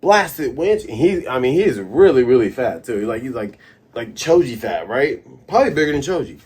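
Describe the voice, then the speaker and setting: Host, man, husky voice, lively comic recap, sound effects on the fly. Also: mid-range voice, moderate pace. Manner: animated, doing sound effects and character voices.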